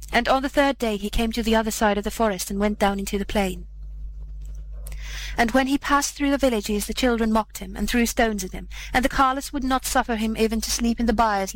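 A woman reads an old fairy tale aloud, measured and solemn. Her voice sits a little high, and a faint hiss runs under the recording. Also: rough recording. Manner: measured, solemn archaic narration. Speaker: narrator. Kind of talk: storybook reading aloud.

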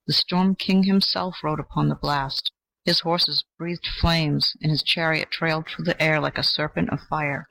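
A measured, gentle voice reads an old fairy tale aloud. The sound is dry and close, with no room around it. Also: mid-range voice, steady tone, vocal fry, no room sound, poor audio. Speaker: audiobook narrator. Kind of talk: scripted storybook narration.

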